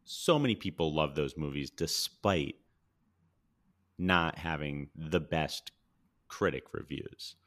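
A man with a strikingly deep, bass-heavy voice talks casually as a podcast host. He is enthusiastic and rambling, often restarting his sentences mid-thought. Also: lively intonation, slow, pauses often, fairly bright tone. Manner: enthusiastic, rambling, self-correcting. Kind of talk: casual movie review chat.

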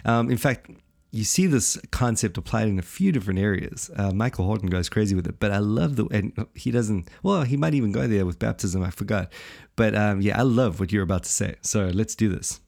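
Chatty low-voiced New man. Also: brisk, gravelly, darkish tone. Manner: chatty, playful, many fillers and restarts. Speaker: podcast co-host. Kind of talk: casual theological chat.

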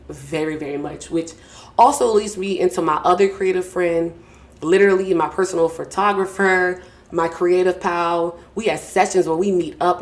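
A young woman hosts her podcast from a small home studio, speaking into a podcast mic. Her voice sits a little low for a woman. She talks in a loose, slangy, heartfelt way and piles up thank-yous. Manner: warm, effusive, slangy, repeats thank-yous. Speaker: podcast host. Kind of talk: casual heartfelt podcast talk. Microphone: podcast mic with mixing board.

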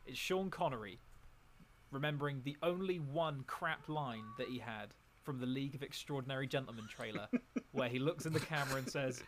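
A man's voice: medium pitch, a little fast, fairly bright tone. A man playing a casual podcast game, rambling and laughing as he sets up his story. Faint background noise sits under his voice.

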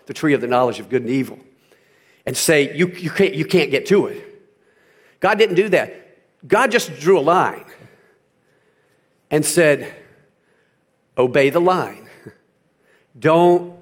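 A male pastor preaching a sermon, driving points home with emphatic repetition and rising to loud peaks. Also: fairly high pitch.

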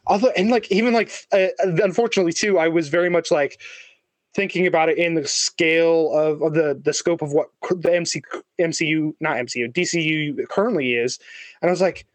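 A man co-hosting a casual podcast chat, talking in halting bursts with many restarts and fillers. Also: a little high, no room sound. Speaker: podcast co-host. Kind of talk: casual chat about movie casting.

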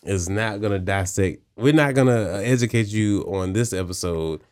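A man in his thirties chats with his co-hosts on a casual podcast, animated and quick to laugh. His voice sits a little low. He often stops and restarts as he talks, leaning on fillers while he finds his words. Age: 30s. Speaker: podcast co-host. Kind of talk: casual chat.

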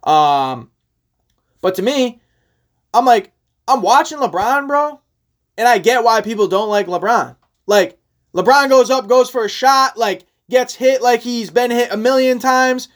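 A man's voice: very high-pitched, expressive, unhurried, a bit bright. A man co-hosting a sports podcast, chatting casually and with swearing, running through team standings. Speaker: podcast co-host.

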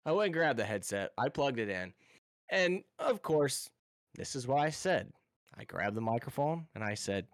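A man's voice: mid-range voice, normal speed, no echo. A man in his thirties chats on a podcast and tells his stories with lots of movement in his voice, rising and falling as he acts out each voice. The sound is dry and close, with no room around it. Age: 30s. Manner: animated storyteller, acts out voices. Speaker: podcast guest. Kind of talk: casual chat, storytelling.

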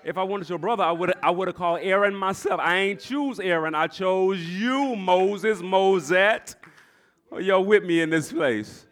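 A male pastor preaching a sermon in a church, telling a story and repeating phrases as he builds to shouts. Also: high-pitched, a little slow.

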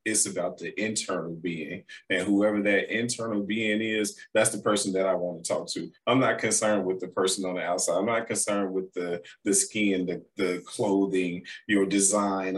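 A man's voice: lowish voice, steady tone, normal speed, few pauses, poor audio. A middle-aged man hosting a casual conversation, laughing often and telling playful stories. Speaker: podcast host.

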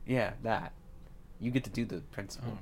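A man's voice: lowish voice, fairly even intonation, slight background noise. A man hosting a casual comedy podcast, rambling through a made-up film plot and briefly acting out its characters. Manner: rambling storyteller who acts out characters in quick bits. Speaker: podcast host.

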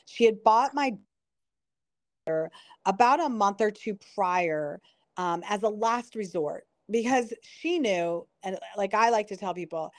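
In a conversational interview, a middle-aged nurse who also founded a product speaks as a guest, explaining at length and restarting her stories often in a chatty way. She has a medium-pitched voice with no room sound.

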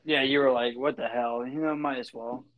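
A man's voice: mid-range voice, fairly even intonation, normal speed, phone-quality sound. A man co-hosting a casual podcast chat, agreeable and easygoing. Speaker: co-host.

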